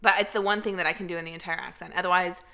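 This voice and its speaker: An American woman in her mid-twenties, co-hosting a podcast in an animated, curious way. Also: on the low side, rapid-fire, vocal fry, crowd noise. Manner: animated, laughs easily, asks questions. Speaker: podcast co-host. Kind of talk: casual chat.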